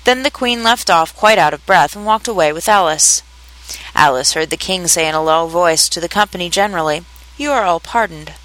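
Bright-voiced storybook narrator. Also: medium pitch, a little fast, rough recording. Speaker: audiobook narrator. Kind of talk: storybook reading.

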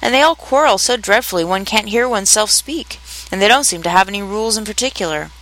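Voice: mid-range voice, sing-song, moderate pace, sharp tone, rough recording. A reader voicing Alice, a polite and curious young girl who speaks a little timidly.

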